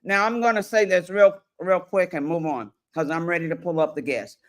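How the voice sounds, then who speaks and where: A woman coach giving a lively workshop presentation to parents, addressing the audience directly and often checking in with them. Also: on the low side. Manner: animated, acts out parents and children in quick voices; addresses audience directly with frequent "all right".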